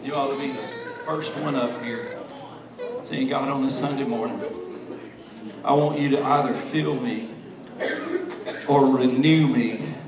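A man preaching a sermon as pastor, swinging from soft and intimate to loud shouting, with many repeated "and, and" restarts. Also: mid-range voice, steady tone, measured pace, long pauses, crowd noise. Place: large church sanctuary. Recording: very echoey church hall, distant mic, congregation noise. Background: congregation.

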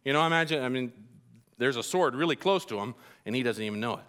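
A man preaching a sermon to a congregation, telling the story with lively asides and acted-out voices. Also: mid-range voice, fast talker, smooth. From Colombia. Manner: animated storytelling, acts out voices.

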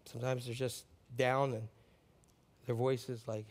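A man preaching a sermon in a conversational way, acting out quotes and moving between hushed, low lines and excited outbursts. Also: a little slow. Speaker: pastor.

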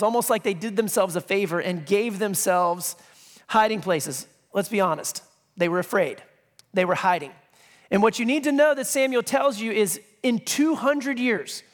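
Male pastor, high voice, conversational sermon, joking asides, long church reverb. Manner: conversational, joking asides, emphatic scripture reading. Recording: long reverb of a large hall.

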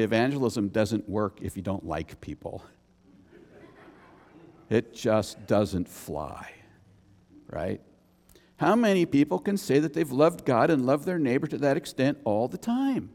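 A man preaching a sermon as pastor, emphatic and animated, with sudden high exclamations. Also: in a large hall.

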